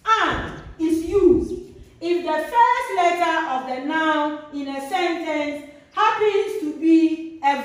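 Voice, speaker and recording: A woman teaching a grammar lesson, repeating each example slowly with a sing-song lilt. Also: high voice. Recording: very echoey room, voice far from mic.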